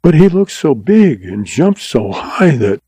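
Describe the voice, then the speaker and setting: A man's voice: a little high, big pitch swings, dark tone, husky, no room sound, voice pushed up, exaggerated voice. A man putting on a cool, teasing young ranch woman. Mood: humble. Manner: deliberate, sweetly mocking.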